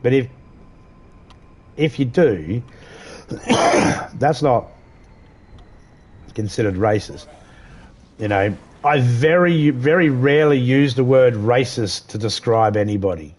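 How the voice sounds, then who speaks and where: A man's voice: medium pitch, slow pace, pauses often, a little mellow. A man live streaming a game, chatting casually in a rambling, profane way that circles back over his points. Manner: rambling, profane, repeats himself. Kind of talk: casual chat while gaming.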